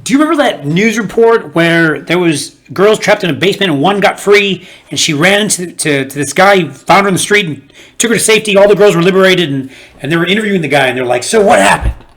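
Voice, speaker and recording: Speaking fast in a high voice, a male comedian does a stand-up routine for a home-made video with nobody watching. He's an animated storyteller who plays out each person in his tales.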